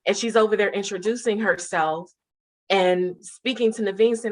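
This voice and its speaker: Woman, storytelling interview guest, animated, laughing, mid-pitched voice. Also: moderate pace.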